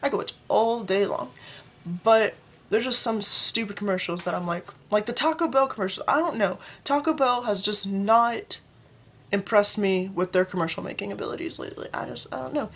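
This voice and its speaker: A young woman vlogger ranting casually to camera about her pet peeves, chatty, with sudden jumps up in pitch. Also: normal speed, husky.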